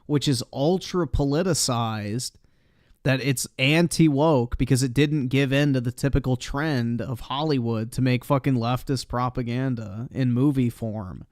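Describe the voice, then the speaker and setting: A man's voice: medium pitch, a little slow, darkish tone, dry recording. A male streamer reacting live, exasperated and cursing freely. His voice sits in the middle range. The mic is close and dry, with no room sound. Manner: exasperated, swears often.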